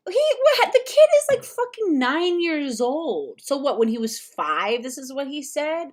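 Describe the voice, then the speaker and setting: A woman's voice: sits high, big pitch swings, normal speed, hardly any pauses. A woman hosting a casual livestream, talking bluntly and sarcastically with plenty of swearing and chatting with her viewers. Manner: chatty with live chat. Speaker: commentary streamer host.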